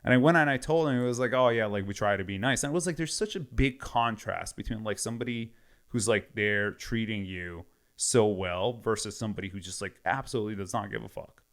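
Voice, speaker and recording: A man's voice: fairly low pitch, brisk. A man casually retelling a story with lots of quoted back-and-forth. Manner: animated retelling with many quoted exchanges.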